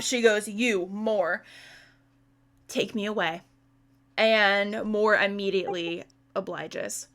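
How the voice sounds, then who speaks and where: Podcast co-host, woman, slow, deliberate delivery, bright sharp tone, emphatic and sweary. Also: medium pitch, clear, resonant tone. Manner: emphatic, swears freely, backchannels often. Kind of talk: casual book recap chat.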